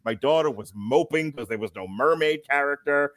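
A man's voice: a little high, normal speed, a bit bright, no echo. A man hosting a casual chat show, joking and laughing often as he runs through the upcoming episodes. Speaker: podcast host.

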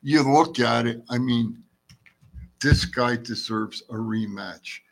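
A man's voice: mid-range voice, takes it slowly, vocal fry, low-quality recording. A man co-hosting a podcast, giving blunt opinions in casual chat and repeating his points. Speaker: podcast co-host.

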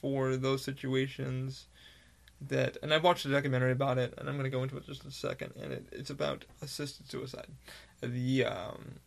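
A man's voice: medium pitch, little pitch movement, fairly quick, creaky. A man hosting his own podcast, talking in a candid, rambling monologue with heavy swearing. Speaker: podcast host. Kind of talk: casual monologue.

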